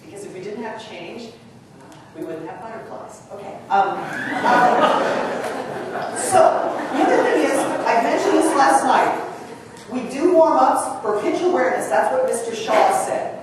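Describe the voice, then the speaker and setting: A woman's voice: a little high, unhurried. Distant woman coaching in an echoing hall. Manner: energetic, chatty, coaching with frequent asides. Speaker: choral clinician leading a workshop. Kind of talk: live workshop instruction to choir directors. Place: large conference hall. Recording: distant voice in a big echoing hall with room noise.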